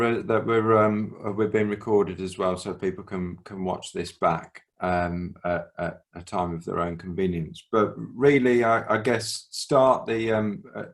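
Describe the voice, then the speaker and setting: A man co-chairing an online community workshop on a video call, speaking haltingly with many pauses and restarts. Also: lowish voice.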